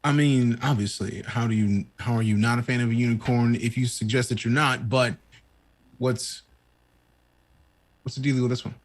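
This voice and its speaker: Husky-voiced man player asking questions. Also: medium pitch, fairly even intonation, moderate pace, long pauses. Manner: curious, leaning-in questions. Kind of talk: tabletop role-play.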